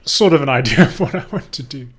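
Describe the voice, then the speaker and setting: Husky man thinking aloud while coding. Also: mid-range voice, expressive, fast. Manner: thinking aloud, many ums and self-corrections. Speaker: developer live-streaming a coding session. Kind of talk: casual live-coding walkthrough.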